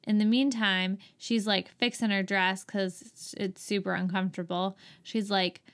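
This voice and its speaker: A woman in casual conversation, retelling a film scene by scene. She is lively and playful, dropping into voices for each character as she goes. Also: mid-range voice, moderate pace. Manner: animated, acts out characters' lines with laughs. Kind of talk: casual chat recapping a movie.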